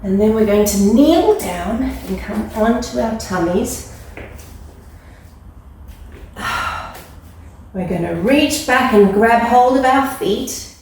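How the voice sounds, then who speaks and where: A woman leading a children's yoga class, giving gentle, playful, encouraging instructions. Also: a little high, lively intonation, slow, long pauses, a little hiss or hum. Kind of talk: guided kids yoga class. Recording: echoey room, mic far off.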